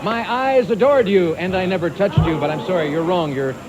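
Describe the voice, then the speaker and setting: A man hosting a quiz show, briskly reading clues and calling on contestants. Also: high voice, muffled recording, over loud music. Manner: brisk, lively and animated. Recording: archival TV audio with faint hiss.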